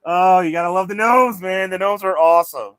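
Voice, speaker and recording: A man's voice: high voice, fairly quick, a bit bright, no room sound. A man hosting a livestream in casual chat, rambling and swearing freely. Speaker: livestream host.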